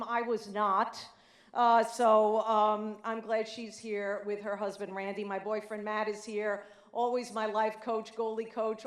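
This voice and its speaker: A woman's voice: on the high side, a bit bright, roomy sound. A middle-aged woman from New York with a light New York accent, giving a chatty, self-deprecating acceptance speech with many fillers at a banquet. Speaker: award inductee giving a speech. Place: banquet hall.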